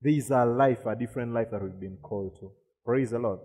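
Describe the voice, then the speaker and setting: Pastor preaching in a reverberant hall. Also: male voice, mid-range voice, a little fast, mellow. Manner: repeats words, asks the congregation questions. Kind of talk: sermon.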